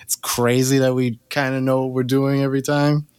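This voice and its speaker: A man's voice: medium pitch, flat delivery, moderate pace, darkish tone, clear, resonant tone. A man hosting a podcast in casual chat with his friend, talking loosely with lots of fillers and frequent laughter. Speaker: podcast host.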